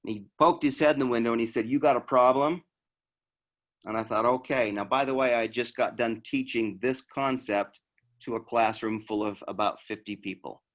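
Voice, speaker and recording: A middle-aged law enforcement trainer from Utah tells a story during a conversational training talk, acting out the dialogue. His voice is medium-pitched, brisk, and a little bright.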